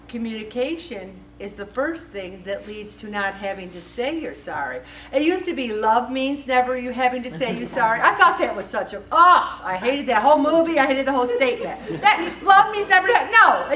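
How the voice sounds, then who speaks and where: A woman's voice: on the high side, distant mic. Chatty woman in an echoey room. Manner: chatty and animated, acts out quoted voices. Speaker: faith-based support group leader. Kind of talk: casual talk to a group. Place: meeting room.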